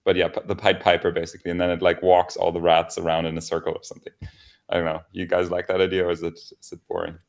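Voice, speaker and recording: Low gravelly man chatting on a stream. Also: fast. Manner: relaxed, laughs often, swears casually. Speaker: developer co-host. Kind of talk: casual livestream chat.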